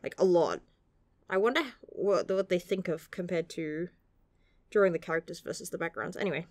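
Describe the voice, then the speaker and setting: A woman's voice: on the low side, normal speed, a little mellow, no room sound. A young woman gushing through a casual manga chapter review, laughing often and swearing casually.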